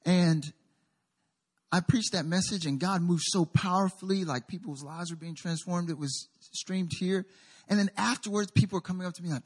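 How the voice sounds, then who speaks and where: A man pastor preaching a sermon, animated, with call-and-response to the congregation and story-telling asides. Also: on the high side, a little fast, husky.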